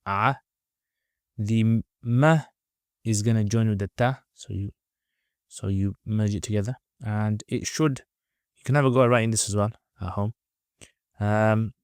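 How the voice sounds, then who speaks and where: A man's voice: fairly low pitch, a little mellow, dry recording, studio quality. A man teaching Arabic letters step by step, patiently repeating each sound for learners to copy. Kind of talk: slow step-by-step lesson.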